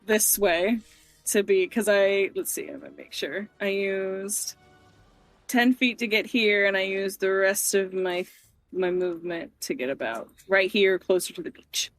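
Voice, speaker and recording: A woman's voice: medium pitch, measured pace, faint music behind. A woman taking part as a player in a tabletop game, stating her moves plainly. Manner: matter-of-fact, counts out her moves. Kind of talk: casual tabletop play.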